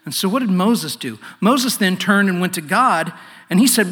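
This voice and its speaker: A man's voice: sits high, lively intonation, brisk, husky. Man preaching in a reverberant hall. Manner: earnest, swings from loud to hushed. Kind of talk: sermon.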